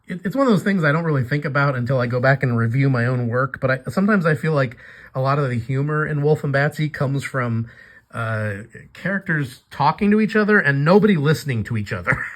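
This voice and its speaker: A man's voice: medium pitch, expressive, fairly quick. A chatty man commenting on his comic. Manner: chatty and laughs often. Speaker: comic artist and creator.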